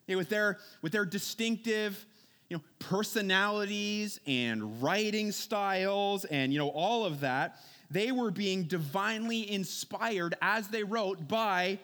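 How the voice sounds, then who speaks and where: A man's voice: high voice, fairly bright tone. A man preaching a conversational sermon, earnest, posing rhetorical questions and repeating key words.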